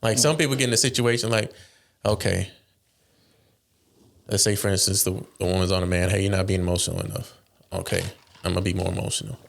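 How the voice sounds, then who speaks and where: Low-voiced man acting out couple arguments. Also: fairly even intonation, a little fast, vocal fry, long pauses. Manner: acts out both sides of arguments in quoted voices; laughs between lines, swears casually. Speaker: podcast co-host. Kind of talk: casual podcast chat.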